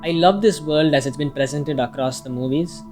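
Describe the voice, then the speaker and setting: A man's voice: fairly high pitch, normal speed, darkish tone. A man reading a casual, opinionated film review, now and then swearing mildly. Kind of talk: scripted review narration. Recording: music playing faintly behind.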